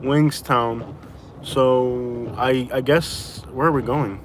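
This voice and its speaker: A man's voice: medium pitch, steady tone, takes it slowly, slight background noise. Chatty man livestreaming from a car. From Florida. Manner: rambling, chatty, frequent fillers. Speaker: live streamer. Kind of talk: casual chat while driving.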